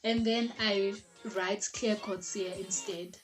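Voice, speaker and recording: A woman's voice: medium pitch, takes it slowly. Chatty South African woman telling a story. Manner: chatty, animated, mixing in isiZulu phrases, many "like"s. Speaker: vlogger. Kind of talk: casual storytime. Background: background music.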